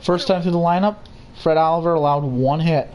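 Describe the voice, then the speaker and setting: A young man calling a baseball game play by play, steady and unhurried, with casual asides. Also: fairly high pitch. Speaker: play-by-play commentator. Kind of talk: simulated baseball commentary.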